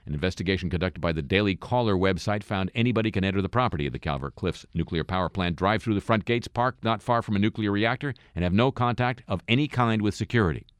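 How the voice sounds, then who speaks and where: A man hosting a satirical radio show who reads the news and drops wry, deadpan asides between items. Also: sits low, fast talker, hardly any pauses, clear, resonant tone, no room sound. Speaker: radio host.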